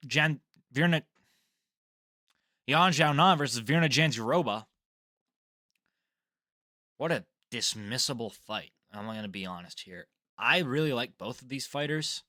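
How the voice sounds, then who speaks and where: Bright-voiced, rambling young man. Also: medium pitch, lively intonation, measured pace, pauses often, dry recording, studio quality. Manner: rambling, swears and laughs at himself. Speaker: fight predictions host. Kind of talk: casual solo commentary.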